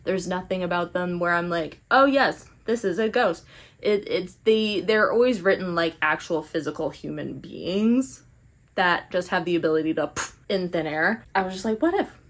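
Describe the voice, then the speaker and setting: A young woman chatting casually through a book review, animated and sarcastic. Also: lowish voice, moderate pace. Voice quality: animated, sarcastic, eye-rolling. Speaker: book vlogger.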